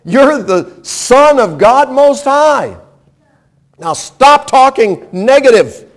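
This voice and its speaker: A loud, incredulous male disciple scolds his teacher in a strained, high voice that sits well above an ordinary man's pitch, as a preacher acts him out. He sounds insistent and fed up. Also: expressive, takes it slowly, full character voice. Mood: exasperated.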